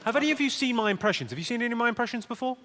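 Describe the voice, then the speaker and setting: A male stand-up comedian, delivering deadpan one-liners with quick asides to a live audience. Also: very high voice, in a large hall, heavy background noise. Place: large theatre stage with audience. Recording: live theatre recording, loud audience. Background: loud audience laughter.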